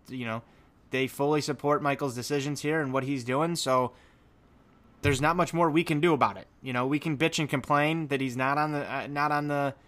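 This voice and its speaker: A man's voice: fairly high pitch, fairly bright tone. A man co-hosting a casual sports podcast, talking in long rambling runs with many fillers and restarts. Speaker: podcast co-host.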